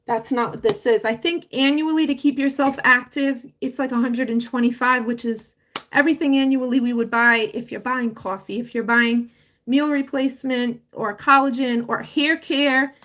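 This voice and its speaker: A woman chats on a live stream through a close phone mic, her voice sitting a little higher than most. She rambles warmly through her story with lots of fillers and restarts. Her voice wavers with emotion as she talks. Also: steady tone, moderate pace, slight background noise. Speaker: livestreamer promoting a home business. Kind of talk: casual live-stream talk.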